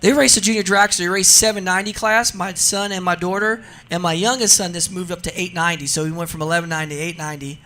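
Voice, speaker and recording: A man in his forties from New Jersey, a radio interview guest telling funny stories in a lively, laughing way. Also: sits high, fast talker, hardly any pauses. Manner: animated, laughing storyteller. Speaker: guest, drag racer. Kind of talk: casual radio interview storytelling.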